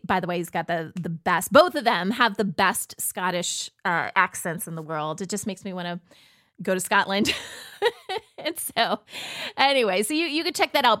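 Host, woman, higher-pitched, chatty and emphatic, dry close recording. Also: fairly bright tone, no echo. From United States. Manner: chatty, emphatic, frequent asides and fillers. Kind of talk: casual monologue commentary.

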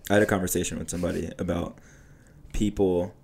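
Deep-voiced laid-back male podcast host. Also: flat delivery, fast, gravelly, darkish tone, slight background noise. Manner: laid-back, laughing, slangy. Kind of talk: casual chat.

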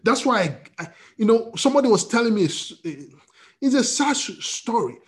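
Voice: mid-range voice, very animated, a little fast, slightly rough. A preacher giving an emotional, fervent sermon, often restarting phrases.

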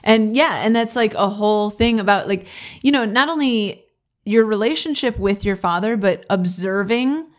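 A woman co-hosting a casual podcast chat, talking in a chatty, drawn-out way with lots of fillers. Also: mid-range voice. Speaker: podcast co-host.

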